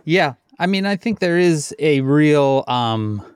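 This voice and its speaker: A man co-hosting a podcast in casual chat, measured and agreeable, often chiming in with short affirmations. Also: fairly high pitch, animated, clean tone, no room sound, studio quality. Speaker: podcast co-host.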